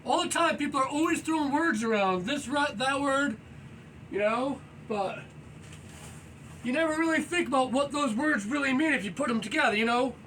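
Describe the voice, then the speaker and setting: A man talking casually and loudly while stretching at home, energetic and rambling, with many "you know"s as he moves around. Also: very high-pitched, normal speed. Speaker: fitness vlogger. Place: indoors at home, low ceiling. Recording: voice far from the mic with faint noise.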